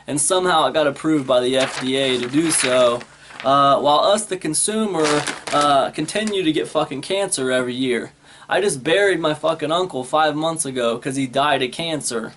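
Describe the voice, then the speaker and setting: A man's voice: fairly high pitch, fairly bright tone, a little hiss or hum. A man vlogging an angry warning to viewers, cussing freely and retelling a phone call in a heated, exasperated way. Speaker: product review vlogger. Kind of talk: angry rant to camera.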